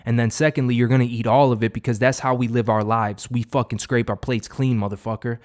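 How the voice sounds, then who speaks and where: A man's voice: medium pitch, steady tone, a little fast. A young man giving an unscripted, profane motivational monologue as a vlogger, rambling with many fillers and restarts.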